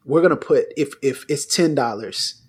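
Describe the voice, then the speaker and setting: A man hosting a casual conversation, telling a personal story in an animated way. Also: medium pitch, normal speed, slightly rough.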